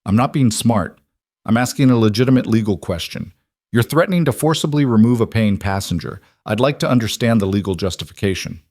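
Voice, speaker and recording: A man voicing a calm, principled male executive who speaks reasonably and precisely. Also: lowish voice, brisk, dry recording.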